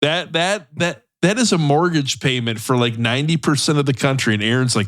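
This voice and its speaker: A man's voice: fairly high pitch, brisk, fairly bright tone. A man co-hosting a comedy podcast, teasing the others in casual banter. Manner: teasing, incredulous reactions. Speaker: podcast co-host.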